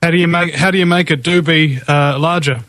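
A man's voice: a little high, steady tone, a little fast, fairly bright tone, dry recording, faint music behind, low-quality recording. A man hosting a talk show, chatting loosely with many fillers and jokes. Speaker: radio show host.

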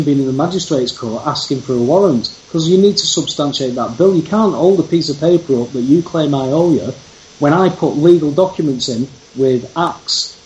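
A man's voice: on the high side, darkish tone, a little hiss or hum. A man in casual conversation, emphatic, telling his story. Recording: roomy, dull lo-fi sound with faint background.

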